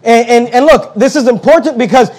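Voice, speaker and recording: Male pastor, high voice, fervent sermon delivery with brisk asides. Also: a little mellow. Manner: fervent preaching, quick asides to the congregation.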